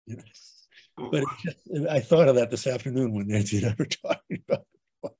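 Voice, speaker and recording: A man's voice: mid-range voice, normal speed, mellow, breathy edge, no echo. An older man hosting a book club over a video call, talking in a rambling, storytelling way full of restarts. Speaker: book club host and bookseller. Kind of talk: casual book club chat.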